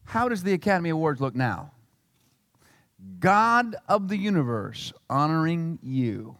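A male pastor preaching a sermon in an animated, emphatic way. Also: on the high side, measured pace, no echo, studio quality, long reverb tail. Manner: animated and emphatic, acting out quotes.

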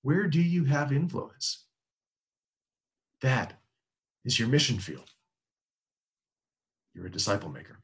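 Male pastor, sermon delivery, emphatic and repetitive, gravelly tone, mid-range pitch. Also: big pitch swings, takes it slowly, long pauses.

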